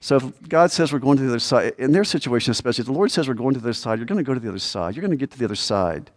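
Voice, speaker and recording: A male pastor preaching a conversational sermon to his congregation, asking the room rhetorical questions and acting out desperate pleas before dropping to quiet, low asides. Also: animated, rapid-fire. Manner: swings between raised pleading lines and low quiet asides.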